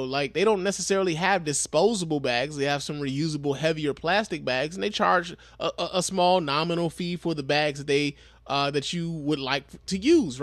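High-voiced man giving blunt commentary. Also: a bit bright, dry recording, studio quality. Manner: blunt, profane, exasperated. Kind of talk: casual commentary.

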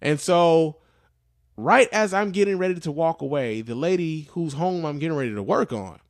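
A man's voice: a little high, lively intonation, moderate pace, dry recording, studio quality. A man hosting a podcast, telling a story casually with profanity and lots of fillers. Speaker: podcast host.

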